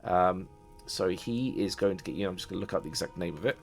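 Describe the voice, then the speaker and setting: A man's voice: low-pitched, very fast, creaky, faint music behind. A man narrating a tabletop game as dungeon master, casual and rambling. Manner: rambling, many fillers and restarts.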